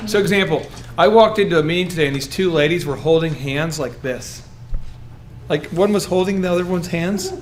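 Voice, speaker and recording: A man with a high voice leads a coaching session for business owners. He talks in an animated, joking way and keeps checking whether the room follows him. Faint background noise sits under his voice. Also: fairly quick. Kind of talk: coaching workshop talk.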